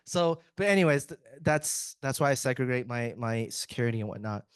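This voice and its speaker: A man's voice: mid-range voice, animated, a little fast, clear, resonant tone, no room sound. Chatty joking man giving a tech talk. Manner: joking, chatty, self-interrupting with restarts. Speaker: IT speaker at a tech summit. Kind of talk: casual conference presentation.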